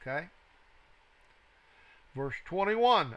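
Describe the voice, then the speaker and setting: A man reading scripture verse by verse, stressing the quoted lines and dropping to a low aside for reference numbers and notes. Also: expressive, slow pace, pushed and bright, poor audio. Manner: reads scripture aloud with rising emphasis, then cites reference numbers in a low aside. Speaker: Bible teacher.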